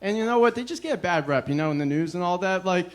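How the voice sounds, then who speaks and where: A young man performing a stand-up comedy set, deadpan and self-deprecating, with a weary "ugh" between jokes. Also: high voice, fast.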